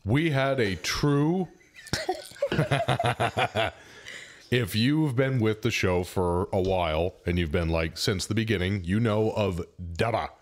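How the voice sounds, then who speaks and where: A man co-hosting a casual podcast chat, joking and throwing in quick asides. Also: deep voice, a little hiss or hum. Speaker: podcast co-host, service advisor.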